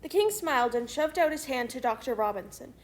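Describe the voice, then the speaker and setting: A woman reading a classic story aloud for English learners, in slow, even scripted narration. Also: high voice.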